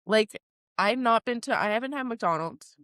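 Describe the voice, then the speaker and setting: A woman's voice: fairly high pitch, lively intonation, normal speed, a bit bright, no echo, clean studio sound. A young woman from Canada in her twenties, co-hosting a casual podcast chat and telling stories with giggles and animation. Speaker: podcast co-host.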